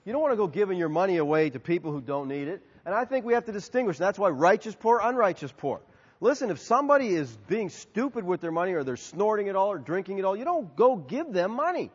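A male pastor answers questions from the pulpit, his pitch rising and falling as he tells stories and plays every part himself. His voice is high and a little husky. It rings out into a big reverberant hall on a dull, muffled recording. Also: fast. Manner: animated storytelling, acting out both sides of dialogues. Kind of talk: sermon Q&A.

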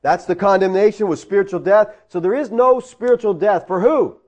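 A man's voice: high voice, a little fast, darkish tone. A man delivering a teaching sermon, explaining words from the Greek and driving points home with rhetorical questions. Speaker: preacher.

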